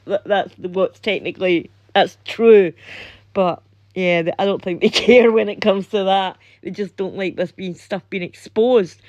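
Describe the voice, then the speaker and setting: A woman's voice: mid-range voice, darkish tone, no room sound. A young adult woman with a Scottish accent giving casual reaction commentary, rambling with restarts and laughs. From Scotland. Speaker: reaction video host.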